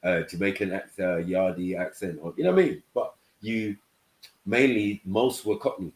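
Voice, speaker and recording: A deep-voiced man from England speaks at a moderate pace while hosting a casual live panel chat. His stories about growing up are peppered with "you know what I mean," and the room has an echo.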